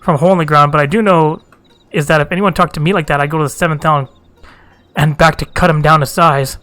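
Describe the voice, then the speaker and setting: A man's voice: fairly high pitch, fast, fairly bright tone, dry recording, lightly acted. A man voicing a brash, blunt, scornful Roegadyn warrior woman in a fantasy game.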